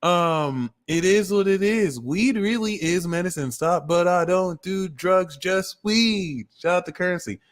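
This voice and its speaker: Man, astrology stream host, slow-talking, animated comedic rant, slang and cursing. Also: sits high. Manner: animated, slangy and profane, laughing at his own jokes.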